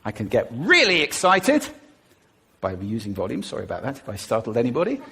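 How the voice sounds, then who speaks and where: A man giving a stage talk in an animated way, demonstrating voice techniques as he speaks. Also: lowish voice, very fast, vocal fry, slightly rough. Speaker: public speaker.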